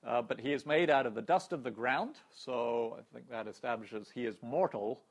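A man giving a Bible study, reading verses aloud and explaining them in a measured way. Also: medium pitch. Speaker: Bible teacher.

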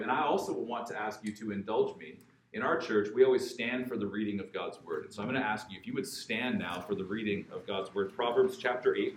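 A man's voice: on the low side, slight background noise. A man from Alberta, Canada, with a Western Canadian accent, preaching in a conversational, joking way and repeating words for emphasis. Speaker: pastor. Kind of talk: sermon. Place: large church hall. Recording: echoey church hall.

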